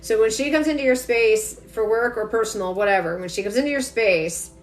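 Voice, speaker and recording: A woman giving an intuitive energy reading to viewers during a casual phone livestream, talking quickly and emphatically and addressing the audience directly. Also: fairly high pitch.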